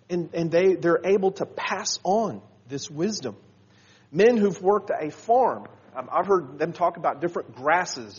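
Man, preacher, sermon, earnest, halting with fillers, dull lo-fi recording. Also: on the high side, husky. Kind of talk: sermon to a congregation.

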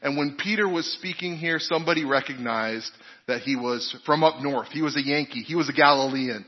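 Here a brisk male pastor with a fairly high pitch preaches in a chatty style, asking his congregation questions and telling stories about himself. It's a dull recording with lengthy hall reverb.

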